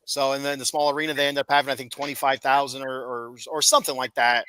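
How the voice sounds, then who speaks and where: A man's voice: mid-range voice, flat delivery, fast talker, bright, forceful tone, smooth, no echo, rough recording. A man hosting a wrestling podcast, talking casually and explaining at length with stammering restarts. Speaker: podcast host.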